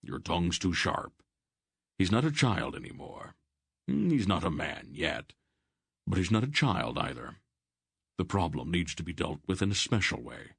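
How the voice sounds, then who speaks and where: Man voicing a calm, wise old sorcerer. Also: sits low, creaky, husky, no echo, studio quality, exaggerated voice. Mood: calm, firm. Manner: calm, measured, gently firm. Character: wise, dry-humored old male sorcerer. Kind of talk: audiobook character voice.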